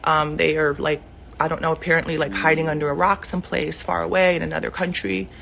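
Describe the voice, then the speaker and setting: Speaking fast in a low, fairly bright voice with vocal fry, a middle-aged mother delivers a heated, emotional statement straight to her camera from the living room. She rambles and uses many fillers, and the self-recorded video carries a little hiss or hum.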